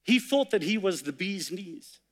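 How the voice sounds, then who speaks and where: A man's voice: sits high, animated, unhurried. A man preaching a sermon, telling a story and reciting poetry with feeling. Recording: long hall reverb.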